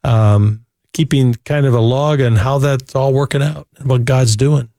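A man's voice: medium pitch, fairly even intonation, measured pace, warm tone, no echo, studio quality. Man hosting Christian call-in radio. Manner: earnest and preacherly. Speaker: host.

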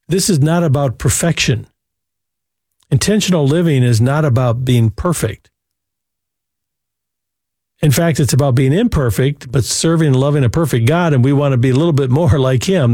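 A man's voice: mid-range voice, a little mellow, no echo, studio quality. A man hosting a Christian call-in radio show, talking in an earnest, preacherly way and often repeating a word as he starts a thought. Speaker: radio talk show host.

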